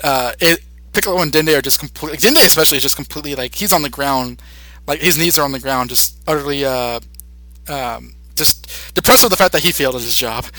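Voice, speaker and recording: A man's voice: on the high side, sharp tone, no room sound. A young man hosting a podcast, casually retelling a cartoon episode with many fillers and restarts. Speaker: podcast host.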